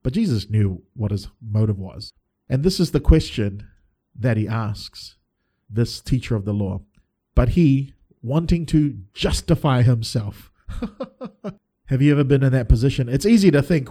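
A man's voice: medium pitch, animated, unhurried, mellow. A man preaching a sermon as a pastor, earnest and emphatic, often restarting his phrases.

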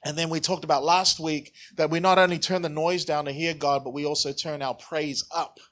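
Pastor preaching a casual sermon. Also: male voice, fairly high pitch, level tone, a little fast, a bit bright. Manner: conversational, joking, asks the congregation questions.

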